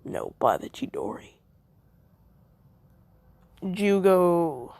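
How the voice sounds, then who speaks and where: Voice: medium pitch, sing-song, slow pace, gravelly, long pauses, a little mellow. A fan storyteller rambling through a story, full of fillers and self-corrections.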